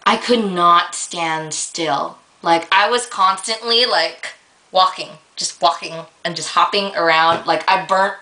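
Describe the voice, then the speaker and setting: A young woman vlogger ranting casually to her camera, rambling with lots of fillers and getting excitable as she tells a story. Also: fairly low pitch, takes it slowly, poor audio.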